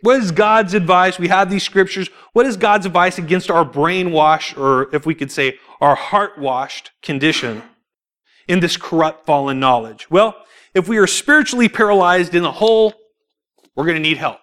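His voice sits high and moves at normal speed as he preaches to a congregation. Rhetorical questions and laughter punctuate the personal stories he tells with animated energy.

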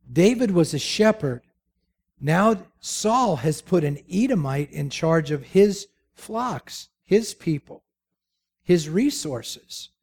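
A man's voice: on the high side, darkish tone. A man preaching a sermon, telling the story with jokes and rhetorical questions. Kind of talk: sermon with humorous asides.

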